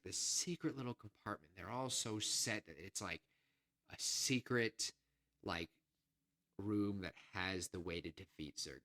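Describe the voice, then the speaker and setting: Rambling low-voiced man on a podcast. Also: bright, forceful tone. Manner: rambling, filler-heavy, self-correcting; nervous. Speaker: podcast co-host. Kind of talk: casual chat retelling a film pitch.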